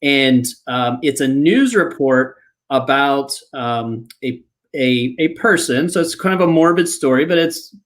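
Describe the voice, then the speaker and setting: A man's voice: mid-range voice, unhurried, fairly bright tone. A man hosting a podcast, telling a story casually with many fillers and restarts. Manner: rambling, full of fillers and restarts. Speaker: podcast host. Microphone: podcast microphone, live online.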